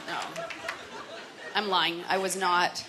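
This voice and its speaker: Taking it slowly in a level, lowish voice, a Canadian woman works through a stand-up comedy set amid crowd noise. Her style is chatty and self-deprecating with character voices, recorded live in a loud club full of laughter.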